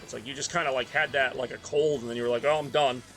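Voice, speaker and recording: With rapid-fire delivery and fairly even intonation, this young man chats and rambles between laps while streaming a racing game, reading the chat out loud. His medium-pitched voice is a bit bright, and soft music plays in the background.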